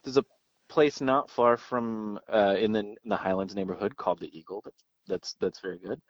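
A man's voice: fairly low pitch, fairly even intonation, moderate pace, dry recording, lo-fi sound. A man from Louisville talking casually as a podcast guest, rambling with many fillers and restarts. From Louisville, Kentucky. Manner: rambling, lots of likes and restarts. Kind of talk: casual interview chat.

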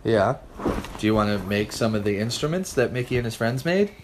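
A man's voice: lowish voice, expressive, brisk, background noise. A man hosting a podcast, playfully reading books with his children and asking them encouraging questions. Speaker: podcast host and father.

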